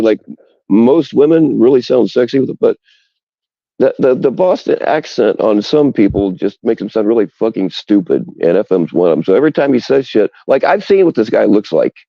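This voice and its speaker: A man's voice: medium pitch, very animated, fairly quick, creaky, dark tone, no echo. A man rambling and joking with stumbling starts in casual group chat banter, on a muffled mic.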